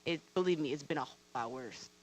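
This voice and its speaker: A woman's voice: low-pitched, quick pace, slight background noise. A woman veterinarian and teacher on a panel, candidly telling a personal story and acting out the dialogue. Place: campus event room.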